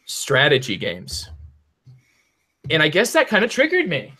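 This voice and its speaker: High, bright-voiced rambling young man. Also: wildly swooping pitch, unhurried. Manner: rambling storyteller with many restarts. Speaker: podcast co-host. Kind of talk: casual chat.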